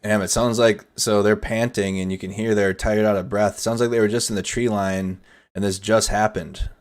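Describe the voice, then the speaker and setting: A somewhat low-voiced man talks over footage on a live stream in a casual, chatty, energetic way. He comments freely and addresses viewers directly as the host. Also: moderate pace. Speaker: host of nightly war update stream.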